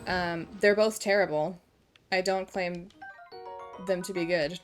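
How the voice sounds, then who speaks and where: A Kansas woman in her twenties with an American accent chats casually on a live stream, giggly and self-deprecating. Her pitch is fairly low and her tone steady at a measured pace, with soft background music playing.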